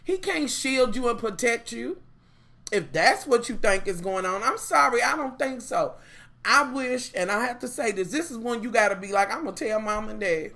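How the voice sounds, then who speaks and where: A woman's voice: on the high side, normal speed, creaky. A woman reviewing a TV show in a casual chat, blunt and profane, talking straight to her viewers. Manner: animated, opinionated.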